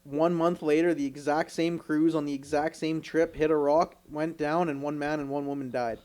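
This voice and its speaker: A young man from Canada with a fairly high-pitched voice tells stories on a casual podcast. He swears freely and acts out what people said, with plenty of energy. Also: normal speed. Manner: animated, swears a lot, acts out quotes. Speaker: podcast co-host. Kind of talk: casual storytelling chat.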